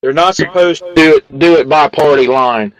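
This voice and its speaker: Male co-host on talk radio, earnest, halting restarts, slightly high voice. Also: rough recording.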